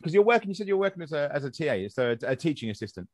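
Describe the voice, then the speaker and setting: A man's voice: fairly high pitch, sing-song, rapid-fire, a little mellow, dry recording, studio quality. Rambling English man hosting a podcast. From England. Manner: rambling, with many fillers and restarts. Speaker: podcast host. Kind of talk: casual conversational chat.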